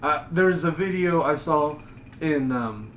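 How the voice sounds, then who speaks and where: A man telling rambling, animated stories on a casual podcast. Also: fairly high pitch, measured pace. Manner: rambling, animated storytelling with mocking put-on voices. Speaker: podcast host. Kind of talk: casual chat. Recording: echoey room with faint noise.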